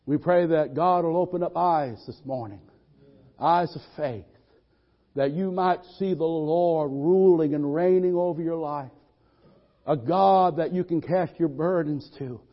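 A man's voice: a little high, unhurried, highs cut off. A man preaching a sermon in a church, fervent and calling for amens from the congregation. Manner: fervent, call-and-response.

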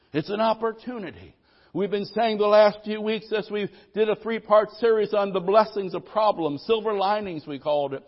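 A man preaching in a high voice, working the congregation for amens. He rises to loud, stirring declarations, then drops to quiet, low asides. The recording is dull and lo-fi, like an old church tape. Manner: preaching with call-and-response amens, voices people's worries. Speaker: pastor. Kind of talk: sermon.

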